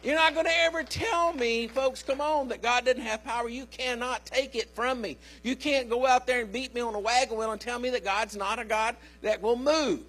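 A man's voice: very high-pitched, fairly even intonation, moderate pace, few pauses, fairly bright tone. An older man, a pastor, preaching a sermon in a folksy storytelling way and calling out to his listeners.

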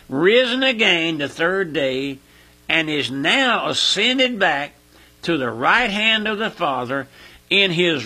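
A husky-voiced man preaches a fiery sermon in a slow, deliberate delivery, his pitch swinging widely as he leans on repeated words and breaks into high, ringing cries. The sound is dry and close, with a bright, forceful edge.

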